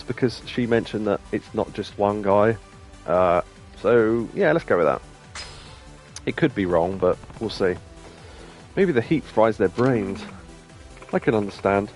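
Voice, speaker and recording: A man's voice: mid-range voice, a little mellow. A man hosting a let's play, chatting casually and jokily, reading game text aloud and laughing often. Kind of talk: casual gameplay commentary.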